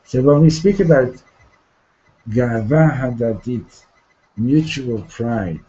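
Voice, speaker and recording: Male teacher, mellow voice, storytelling lesson, stop-start delivery, muffled classroom recording. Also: mid-range voice, expressive, husky. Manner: halting, repeats words and restarts, asks "Okay? Right?".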